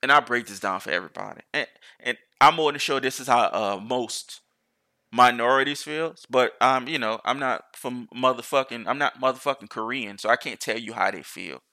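Bright-voiced profane man rambling. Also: medium pitch, moderate pace. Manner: rambling, profane, restarts often. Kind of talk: casual monologue.

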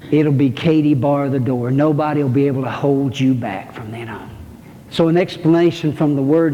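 Speaking at medium pitch with a dark tone, a man preaches a sermon in a church sanctuary. His style is folksy and joking, and he calls out to the congregation. The sound is muffled with lots of church echo.

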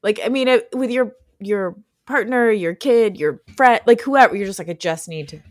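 A woman's voice: mid-range voice, moderate pace, dry recording, studio quality. Woman cohost going along with her friend's story, sighs a lot, says fuck. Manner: sympathetic, frequent sighs and swearing. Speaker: podcast co-host. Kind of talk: casual chat.

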